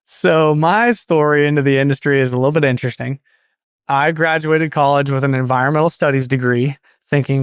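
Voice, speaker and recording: Guest man, 30s, chatty and meandering, slips into quoted voices; mid-pitched, dry booth sound. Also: fairly quick, dry recording. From Portland, Oregon. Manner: rambling, self-correcting, acts out quoted dialogue. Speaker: guest, garage door business owner. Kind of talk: casual interview storytelling.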